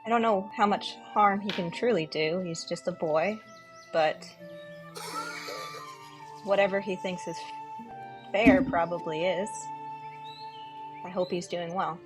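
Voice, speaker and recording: A man voicing a calm, patient woman in a tabletop game, speaking in soft, measured replies. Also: high-pitched, over music, pitched above the performer's own voice, poor audio. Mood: gentle.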